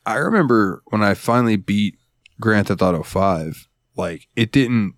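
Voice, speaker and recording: Podcast co-host, male, lowish voice with a lively swing, relaxed mumbly delivery, dry close mic. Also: measured pace, dry recording. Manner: laid-back, mumbly, fond of quoting movie lines. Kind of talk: casual chat.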